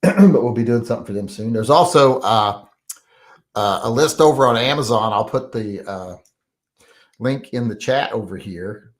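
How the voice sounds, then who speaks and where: A man with a medium-pitched voice speaking at normal speed hosts a casual live chat, reading out viewer comments. Between them he rambles, with frequent fillers and throat clearing.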